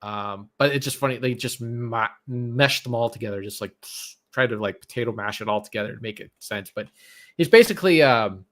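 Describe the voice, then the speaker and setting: Man, casual podcast co-host, halting and rambling delivery, mid pitch. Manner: rambling, halting, many restarts. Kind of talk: casual chat about movies.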